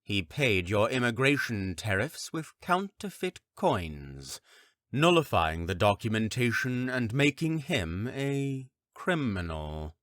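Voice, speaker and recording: A man voicing a stern male scholar official who speaks in a slow, measured, officious way. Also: medium pitch, big pitch swings, fairly bright tone, no echo, clean studio sound. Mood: cold. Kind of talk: audiobook character voice.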